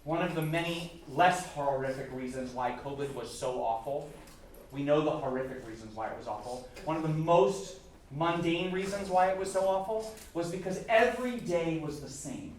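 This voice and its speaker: An energetic man with a fairly high voice coaches a choir, joking and breaking into big praise. He sounds far from the mic in a very echoey hall, with choir and piano music around him. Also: moderate pace, slight background noise. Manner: sings short demonstration phrases. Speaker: choir clinician. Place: large rehearsal hall or auditorium.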